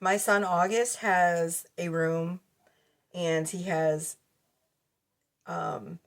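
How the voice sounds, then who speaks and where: A woman's voice: fairly low pitch, steady tone, drawn-out words. Profane, blunt woman doing a tarot reading. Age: adult with children. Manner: profane, blunt, laughs often. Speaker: tarot reader. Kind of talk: casual tarot reading to camera. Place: cluttered bedroom at home. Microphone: camera mic.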